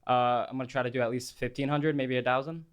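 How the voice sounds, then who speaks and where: Hesitant eighteen-year-old man with smooth voice. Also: mid-range voice, steady tone, fast. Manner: hesitant, lots of ums. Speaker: interview guest.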